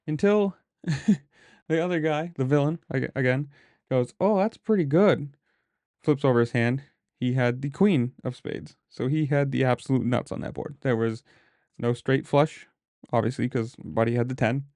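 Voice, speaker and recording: Man, casual storyteller, mellow low-key tone, rambles with fillers, dry close sound. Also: moderate pace, no echo. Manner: rambling, conversational, with frequent filler words; mutters poker decisions to himself under his breath. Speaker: poker player telling a story.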